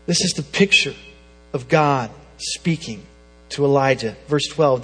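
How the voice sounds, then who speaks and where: A man's voice: mid-range voice, unhurried, breathy edge. A man preaching a sermon as a pastor, earnest and full of repeated rhetorical questions. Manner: earnest, repeats rhetorical questions, speeds up when pressing a point. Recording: reverberant hall with soft music.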